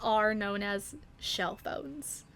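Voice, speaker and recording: A woman narrating a tabletop game as game master, laughing as she goes and pausing often. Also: mid-range voice, gravelly, fairly bright tone, slight background noise.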